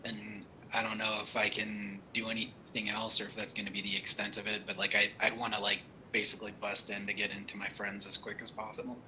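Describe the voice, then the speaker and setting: Bright-toned man at a game table. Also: fairly low pitch, completely flat delivery, brisk, hardly any pauses, slight background noise, rough recording. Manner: casual, loose phrasing with restarts. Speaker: player. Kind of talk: casual tabletop play.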